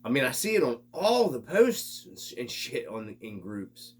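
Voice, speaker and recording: A man's voice: medium pitch, very animated, moderate pace, breathy edge. A man hosting his own hobby vlog, ranting in an exasperated, casual way and swearing freely. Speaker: RC hobby channel host.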